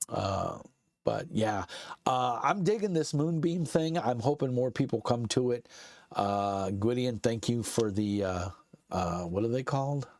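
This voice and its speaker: A man's voice: medium pitch, lively intonation, unhurried, a little mellow, no echo. A middle-aged man with a Brooklyn accent, chatting casually and rambling on a live stream from his basement. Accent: Brooklyn New York. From Brooklyn, New York. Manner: rambling and chatty, lots of uh fillers and laughs. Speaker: streamer and channel host.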